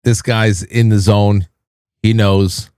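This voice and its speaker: A man's voice: lowish voice, little pitch movement, slow, a little mellow, clean tone, no echo, studio quality. A male host giving rambling, wry, emphatic commentary on video reels. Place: studio.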